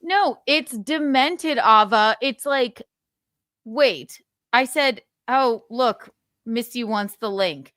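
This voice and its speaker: A fairly high-voiced woman hosting a casual gossip livestream, indignant and quick to swear. Her voice is recorded close and dry, with almost no room sound. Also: expressive, fairly bright tone, dry recording. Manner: indignant, swears a lot, reads out texts. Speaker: livestream host.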